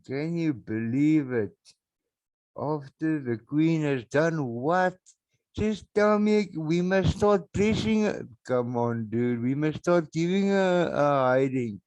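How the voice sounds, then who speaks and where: A South African man hosting a solo podcast, rambling and mocking, with sudden loud outbursts and laughs, on a backup microphone. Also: mid-range voice, no room sound. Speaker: podcast host.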